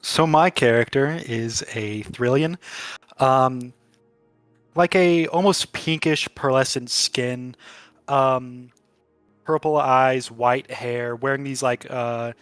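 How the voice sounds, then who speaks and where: A man describing his character in a tabletop game, hesitant and halting with many fillers. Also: mid-range voice, steady tone, a bit bright, clear, resonant tone, no room sound, faint music behind. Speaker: player.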